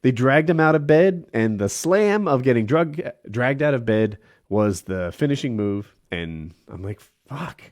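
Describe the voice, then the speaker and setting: A man's voice: mid-range voice, expressive, unhurried, hardly any pauses. A man co-hosting a podcast, telling stories in a rambling, casual way and laughing often. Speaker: podcast co-host. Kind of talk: casual chat.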